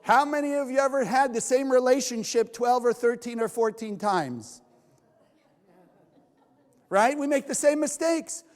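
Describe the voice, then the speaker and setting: High-voiced animated male lecturer. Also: in a large hall. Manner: animated, acts out inner voices, asks the audience questions. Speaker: Kabbalah teacher. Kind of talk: lecture to a live audience.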